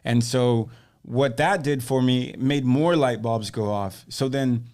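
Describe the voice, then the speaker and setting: A man's voice: medium pitch, takes it slowly. A man in a casual podcast interview, telling the story of his start in real estate. He talks in a mid-range voice and acts out the lines of the people he quotes. The telling is loose and conversational. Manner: animated storyteller who acts out quoted dialogue. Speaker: guest, real estate agent.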